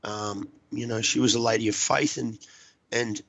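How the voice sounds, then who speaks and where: Gravelly, tense-voiced man telling his story. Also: on the low side, level tone, a bit bright, no echo, low-quality recording. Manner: earnest, halting, repeats words while searching. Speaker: podcast guest. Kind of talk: personal recovery story.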